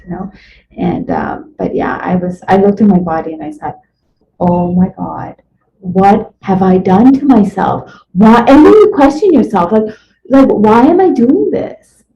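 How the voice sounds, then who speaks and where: A woman being interviewed, telling a personal story in a rambling, animated way and acting out what people said to her. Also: medium pitch, slight background noise. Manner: rambling, animated retelling with acted-out quotes. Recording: echoey room, dull lo-fi sound.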